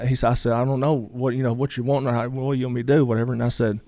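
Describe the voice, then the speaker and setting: A man's voice: medium pitch, little pitch movement, very fast, warm tone, no echo, clean studio sound. A man, a guest telling a long story in a casual interview, rambling with lots of "you know" asides.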